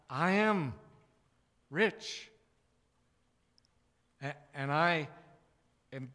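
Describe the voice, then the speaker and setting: A man's voice: fairly high pitch, pushed and bright. A man preaching a sermon in a church, talking in a conversational, self-deprecating way with frequent restarts. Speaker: pastor. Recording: long reverb of a church hall.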